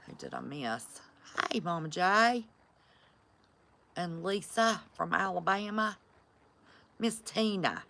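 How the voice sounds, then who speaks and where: A woman's voice: on the low side, sing-song, slow pace, gravelly, long pauses, noisy background. A woman hosting a casual live chat and greeting viewers by name in a chatty, folksy way, recorded on a phone on a stand. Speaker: livestream host greeting viewers.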